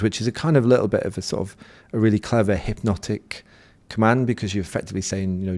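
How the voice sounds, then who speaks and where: A middle-aged man, a hypnosis coach and podcast guest, telling an animated anecdote in conversational style and acting out the quotes. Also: lowish voice, fast, few pauses. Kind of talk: conversational storytelling.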